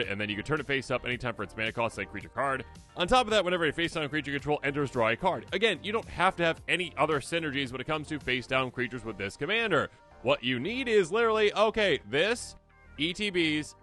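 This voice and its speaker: Animated man reviewing card game decks. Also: medium pitch. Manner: animated, jokey, talks to imagined opponents. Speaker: host.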